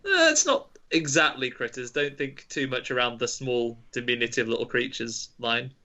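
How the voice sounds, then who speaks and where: A man hosting a horror movie quiz on a podcast, reading out clues slowly and teasing the players with hints. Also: mid-range voice, lively intonation, pushed and bright, dull audio. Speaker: quiz master. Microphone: video call.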